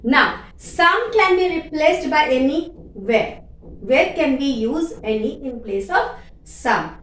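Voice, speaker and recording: A woman's voice: sits high, far from the mic. A woman teaching a grammar lesson, repeating key words and checking in with "okay?" as she explains. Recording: echoey room, voice off-mic.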